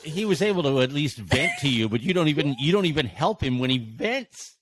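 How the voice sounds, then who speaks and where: A man's voice: a little high, very animated, a little fast, a bit bright. A man co-hosting a podcast in a casual, teasing back-and-forth. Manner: teasing banter. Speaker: podcast co-host. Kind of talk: casual chat.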